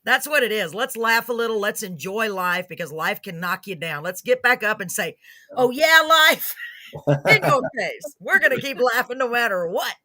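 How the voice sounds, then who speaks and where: Woman, talk show host, rambling, warm gushing chatter, dry close sound. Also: mid-range voice, animated, fairly quick, hardly any pauses, dry recording. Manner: gushing, laughs often, rambling. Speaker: host of a live music show. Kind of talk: casual live-stream chat.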